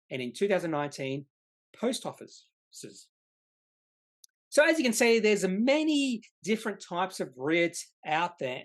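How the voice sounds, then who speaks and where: A presenter of an investing channel explains a topic from slides, stressing key words and sometimes correcting himself mid-sentence. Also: medium pitch. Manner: emphatic, repeats key words, occasional self-corrections. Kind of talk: slide-based explainer lesson.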